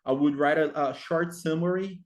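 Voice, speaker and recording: A man's voice: a little high, normal speed. Man, explaining lessons. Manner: hesitant, many fillers, frequent tag "right?". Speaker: English teacher trainer. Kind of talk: explaining classroom activities.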